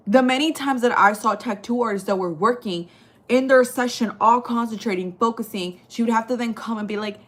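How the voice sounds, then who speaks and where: Woman vlogger, Chilean-born, raised in the US, casual ranting storyteller with a mid-pitched voice. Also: brisk. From Chile, raised in the United States. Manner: rambling, profane, lots of fillers; gets loud and high when outraged.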